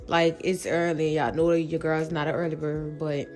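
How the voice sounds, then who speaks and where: Low-voiced young woman with a groggy morning voice. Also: normal speed, soft background music. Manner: chatty, relaxed, addresses viewers as y'all. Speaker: vlogger. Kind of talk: casual chat to camera.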